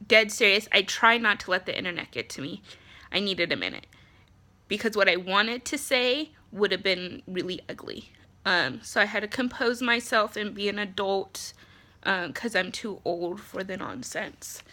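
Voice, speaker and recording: A woman's voice: medium pitch, normal speed, sharp tone. A woman in her thirties, congested and a bit nasal, venting in a blunt, frustrated monologue full of ums and swearing. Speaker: vlogger, spouse of an ill partner.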